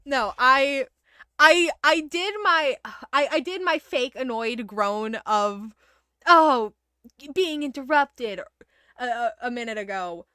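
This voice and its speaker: A woman giving casual, animated gameplay commentary, blunt and swearing when upset. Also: on the high side, measured pace, smooth, dry recording, studio quality. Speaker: streamer playing a video game.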